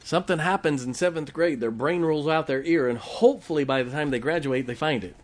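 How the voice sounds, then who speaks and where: A man's voice: fairly high pitch, a little fast. A middle-aged man preaching a folksy sermon, often asking the congregation questions. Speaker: pastor.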